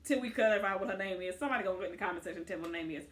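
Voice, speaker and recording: A woman's voice: mid-range voice, rapid-fire. A woman co-hosting a casual show recap, retelling scenes and acting out the characters' lines. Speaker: podcast co-host.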